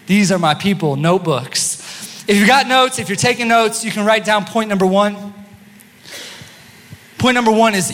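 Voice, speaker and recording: High-voiced pastor in an echoing hall. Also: male voice, normal speed, long pauses. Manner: lively and playful with the congregation. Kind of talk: sermon. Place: church sanctuary. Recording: long church-hall reverb.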